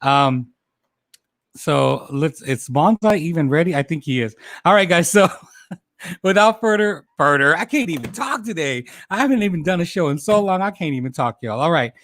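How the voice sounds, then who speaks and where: A man's voice: fairly high pitch, animated, normal speed, fairly bright tone, dry recording, studio quality. A man in his forties hosting a casual livestream, chatting with viewers, laughing often and stumbling over his words. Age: 40s. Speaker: host.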